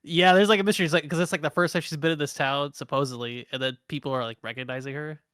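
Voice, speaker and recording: A man's voice: on the high side, steady tone, quick pace, fairly bright tone, no echo, clean studio sound. A young man co-hosting a gaming podcast, rambling casually with lots of "like" fillers. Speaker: podcast co-host. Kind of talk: casual chat.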